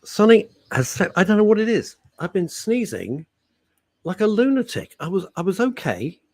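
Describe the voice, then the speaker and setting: A man hosts a radio show with a gravelly, fry-tinged voice that swings widely in pitch as he jokes. He rambles from one aside to the next, poking fun at himself. The sound is close and dry, with no room around it. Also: big pitch swings, moderate pace, darkish tone, no room sound. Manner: rambling, jokey, self-mocking. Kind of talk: casual chat. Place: radio studio.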